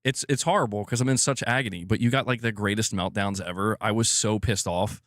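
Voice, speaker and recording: A man's voice: fairly low pitch, a little fast, a bit bright, dry recording, clean studio sound. A man hosting a live stream, chatting casually and bluntly, swearing and laughing a lot while reading viewer comments. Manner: blunt, profane, laughs often.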